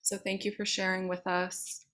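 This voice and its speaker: A woman hosting a video call, slowly thanking each speaker and passing the turn to the next. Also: mid-range voice, level tone. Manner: warm, slow, thankful. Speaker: host.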